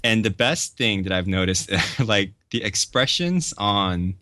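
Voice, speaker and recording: A man's voice: lowish voice, expressive, a little slow, sharp tone, dry recording. A man talking casually on a podcast, telling stories with lots of fillers and laughter.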